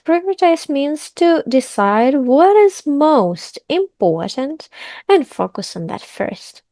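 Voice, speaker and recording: Woman, upbeat online English teacher, high voice, stresses key terms. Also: darkish tone, no echo.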